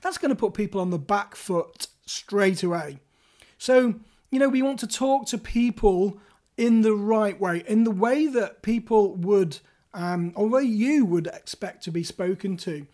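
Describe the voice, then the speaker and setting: A man's voice: high voice, unhurried, a little mellow. A man hosting his own podcast, talking listeners through negotiating skills in a playful, chatty way that speaks straight to them. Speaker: podcast host. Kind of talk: solo podcast coaching talk.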